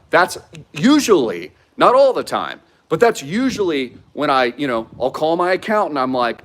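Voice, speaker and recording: Excitable man hyping crypto, lively pitch. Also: normal speed. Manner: excitable, salesy, heavy use of "like" and "freaking". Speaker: crypto investment channel host. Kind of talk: energetic hype monologue to camera.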